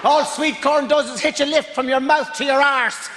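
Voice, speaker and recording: Stand-up: a very high-voiced man, ranting, echoing hall. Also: steady tone, moderate pace. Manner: loud, ranting. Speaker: stand-up comedian. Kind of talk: stand-up rant. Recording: echoey hall with noise.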